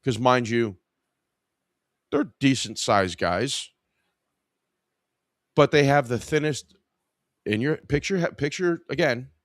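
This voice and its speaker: A man's voice: medium pitch, expressive, takes it slowly, long pauses, dry recording, clean studio sound. A man hosting a podcast, telling a story in a casual, profane, exasperated way. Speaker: podcast host.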